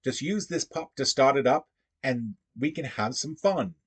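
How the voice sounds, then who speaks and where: A man's voice: mid-range voice, animated, measured pace, fairly bright tone, husky, voice pushed up. A man voicing a playful teenage wizard with a put-on British accent, reading in a sing-song rhyme. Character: playful young wizard, teen boy.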